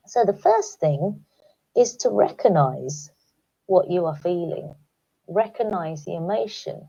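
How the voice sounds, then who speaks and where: A woman speaking calmly to teachers, guiding them through reflective questions in a recorded online talk. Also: lowish voice, a little slow, gravelly, husky, highs cut off. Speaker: education speaker. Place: home, recorded remotely.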